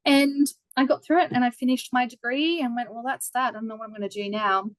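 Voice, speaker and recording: An Australian woman in her thirties, a guest telling a story in a casual interview over a video call, lively and acting out quoted voices. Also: on the high side, a little fast, dry recording, rough recording.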